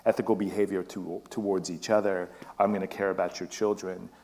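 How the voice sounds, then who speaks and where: Low-voiced British West Indian man. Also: level tone, fairly quick, a little mellow. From Britain. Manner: discursive, restarts phrases, laughs often. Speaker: guest speaker. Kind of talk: casual public talk. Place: event stage before an audience.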